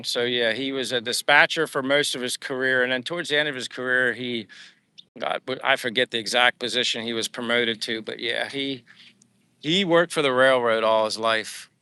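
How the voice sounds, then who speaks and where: An older Pennsylvania man with a bright, mid-range, smooth voice rambles in a friendly way, full of fillers and restarts, as he walks and reads chat on his livestream. He's outdoors under trees, sweating in the heat, and the recording is dry.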